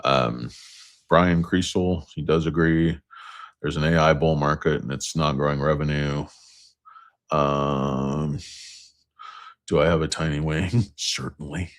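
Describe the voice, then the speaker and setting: A man's voice: a bass voice, fairly even intonation, takes it slowly, long pauses. A man hosting a casual stock market livestream, reading viewer comments aloud with rambling, self-mocking jokes.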